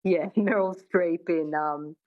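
A woman's voice: on the low side, fairly even intonation, slow, phone-quality sound. A woman, a coach who explains at length with many fillers and restarts. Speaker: accent coach. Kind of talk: radio interview, explaining.

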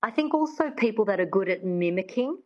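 A woman's voice: medium pitch, animated, brisk, darkish tone. Dialect coach woman, lo-fi sound. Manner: articulate, explanatory, breaks into laughter. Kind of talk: interview answers and accent teaching. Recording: dull lo-fi sound.

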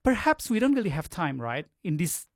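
A man, a guest on a radio show, telling his story in a relaxed way with lots of fillers. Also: high voice, fairly quick, no room sound, studio quality. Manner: relaxed, hesitant, many fillers. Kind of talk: casual interview, personal account. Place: radio studio. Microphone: studio mic.

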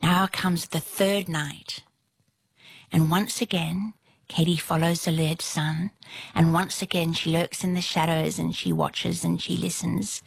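A woman's voice: lowish voice, little pitch movement, measured pace, vocal fry, breathy edge, no room sound. A woman telling a folktale aloud in a dramatic way, often dropping to a whisper for suspense. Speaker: storyteller. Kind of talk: oral folktale storytelling.

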